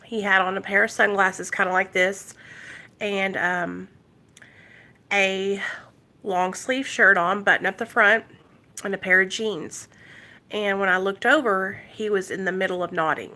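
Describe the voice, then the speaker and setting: A woman's voice: medium pitch, steady tone, unhurried, pauses often, pushed and bright. A woman from Arkansas telling an emotional story on her recovery vlog and talking straight to her viewers. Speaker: recovery vlogger.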